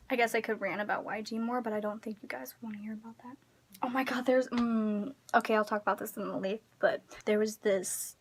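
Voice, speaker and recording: A woman ranting casually to her phone camera at home. She is emphatic and rambling, and drops to a near-whisper as she trails off. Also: fairly high pitch. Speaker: vlogger.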